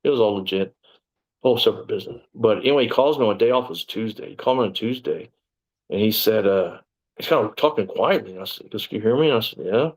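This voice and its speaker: A fast-talking, lowish-voiced former sheriff's deputy, middle-aged, rambles through his recollections in a casual interview on a rough recording. He retells things animatedly, acting out the conversations.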